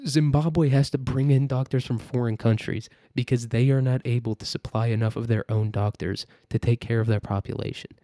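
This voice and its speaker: A man's voice: mid-range voice, fairly even intonation, fairly quick, hardly any pauses, dark tone, no room sound, clean studio sound. A man hosting a solo podcast, ranting in a profane, sarcastic, rambling way. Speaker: podcast host. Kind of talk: casual solo rant.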